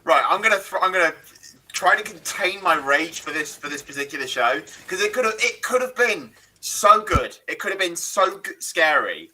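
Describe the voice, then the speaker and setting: British dude ranting on a panel show, real sharp tense voice, kinda high. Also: male voice, expressive, moderate pace, poor audio. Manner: emphatic ranting, swears. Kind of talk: casual pop-culture chat.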